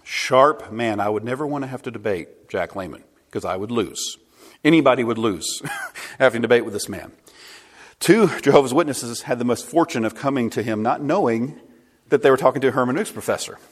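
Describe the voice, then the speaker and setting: A man's voice: mid-range voice, expressive, brisk. A man preaching a sermon, emphatic and asking the congregation rhetorical questions.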